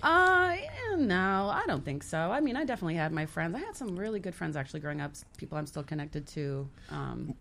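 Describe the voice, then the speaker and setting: Chatty woman guest, a little low-pitched. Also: sing-song, brisk, gravelly, few pauses, fairly bright tone. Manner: rambling, lots of fillers and laughs. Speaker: guest artist. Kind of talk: casual interview chat.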